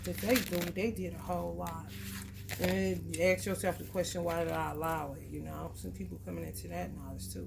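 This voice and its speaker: A woman's voice: fairly low pitch, fairly even intonation, fairly quick, gravelly, background noise. A woman giving a casual, blunt, profane astrology reading, preaching straight at her viewers. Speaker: tarot reader.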